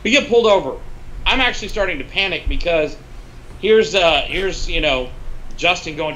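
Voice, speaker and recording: Bright-voiced man telling lively stories. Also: on the high side, moderate pace, a little hiss or hum, poor audio. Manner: animated, swears freely, uses filler words. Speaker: guest, film cinematographer. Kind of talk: casual storytelling in a podcast interview.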